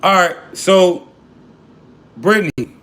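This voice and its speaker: A man's voice: high-pitched, animated, slow, a bit bright, slight background noise. A man hosting a livestream, talking loosely and profanely to his chat in disbelief. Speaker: livestream host.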